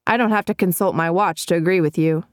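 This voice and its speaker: A woman voicing a genial middle-aged male lawyer who speaks warmly and politely. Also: lowish voice, fast talker, no echo, clean studio sound, natural voice.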